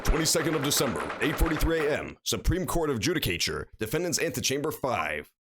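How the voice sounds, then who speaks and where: A man hosting a let's play, chatting casually and joking with plenty of swearing while he thinks out loud. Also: on the high side, sing-song, fast, few pauses, slight background noise. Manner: jokey, profane, thinking out loud. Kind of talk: casual gaming commentary.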